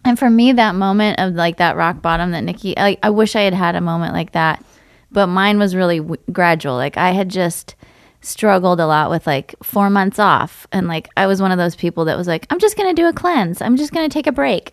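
A woman's voice: lowish voice, brisk, gravelly, dry recording, studio quality. A woman talking casually and frankly in a conversation, filling her speech with "like". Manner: chatty, lots of "like", frank.

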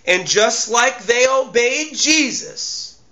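A man's voice: very high voice, animated, takes it slowly, muffled recording, crowd noise. A male pastor preaching a sermon emphatically and repeating his key phrases.

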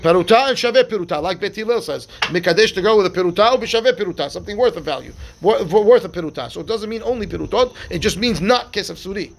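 A rabbi with a high, gravelly voice teaches a live Talmud class, talking fast and animatedly with few pauses. He explains step by step, poses questions and answers them himself, and mixes Hebrew and Aramaic terms into his English. There is slight background noise.

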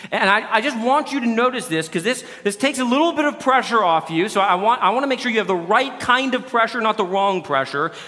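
A man's voice: high voice, expressive, fairly quick, hardly any pauses, bright, forceful tone, in a large hall. A man preaching a sermon in a loose, conversational way, often restarting his sentences. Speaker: pastor.

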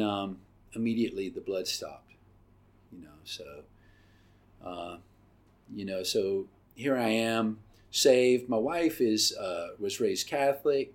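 Earnest low-voiced man testifying. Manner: earnest, halting, with many pauses and fillers. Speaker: podcast host. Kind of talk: personal testimony.

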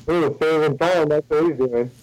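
A man's voice: a little high, moderate pace, darkish tone, rough recording. A man chiming in with emphatic points during casual podcast banter.

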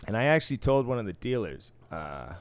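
Low-voiced man, smooth tone, profane wry storyteller, casual chat. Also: big pitch swings, a little fast, no room sound. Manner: profane, wry, acts out quoted exchanges. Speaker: casino floor supervisor.

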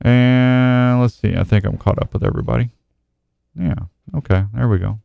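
A man with a lowish, gravelly, expressive voice hosts an outdoors radio show from a studio microphone, speaking briskly. He chats casually and rambles a bit, self-deprecating as he reads hunting and fishing reports aloud. The recording is dry and lo-fi.

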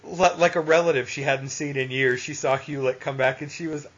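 An enthusiastic man hosts a casual podcast chat, rambling through fan anecdotes. His voice is husky. The sound is dull and lo-fi. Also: fairly high pitch, fairly even intonation, brisk, a bit bright. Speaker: podcast host.

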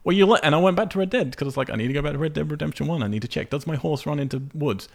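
A man's voice: on the high side, rapid-fire, creaky. A man chatting casually on a podcast, telling frustrated stories with lots of swearing and acted-out exclamations. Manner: animated storyteller, swears freely, acts out frustration. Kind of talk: casual podcast chat about a video game.

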